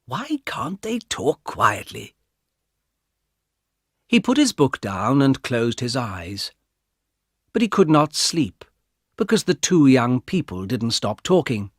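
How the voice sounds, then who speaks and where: A male narrator reads an easy storybook slowly and clearly. His pitch moves a lot, keeping the story lively. The sound is dry and close to the mic. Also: no room sound. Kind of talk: audiobook narration of a graded reader.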